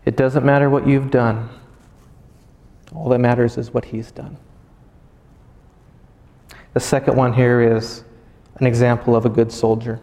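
A man's voice: medium pitch, little pitch movement, a little slow, vocal fry, long pauses, warm tone. Earnest male pastor preaching in a reverberant hall. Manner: earnest and personal, with repeated restarts. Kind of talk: sermon.

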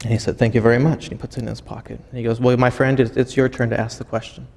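A man preaching a sermon. He tells a long story, halting and often repeating words as he goes. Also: mid-range voice, flat delivery, vocal fry, a little mellow. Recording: long hall reverb.

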